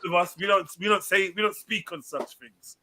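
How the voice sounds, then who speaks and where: High bright voiced guy on a live panel stream, joking around, swearing a lot. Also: normal speed, a little hiss or hum. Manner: joking, teasing, swears freely. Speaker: panel host. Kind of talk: casual live-stream banter.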